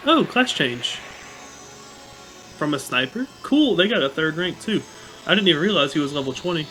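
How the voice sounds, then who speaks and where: A man chatting loosely over a game, his voice sitting a bit high and his sentences strung together with fillers. Game music plays faintly underneath as he rambles along. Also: very animated, normal speed, bright, forceful tone. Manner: reads game dialogue aloud between remarks. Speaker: let's play gamer. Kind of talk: casual gameplay commentary.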